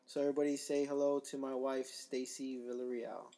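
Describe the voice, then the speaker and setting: A man with a raspy voice hosts a casual podcast, talking in a loose, relaxed way with frequent ums. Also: medium pitch, brisk. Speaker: podcast host.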